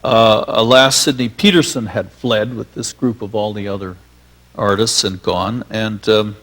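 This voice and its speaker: A man's voice: lowish voice, fairly even intonation, measured pace, fairly bright tone. A man, a filmmaker guest, reminiscing onstage in a rambling, filler-laden storytelling way.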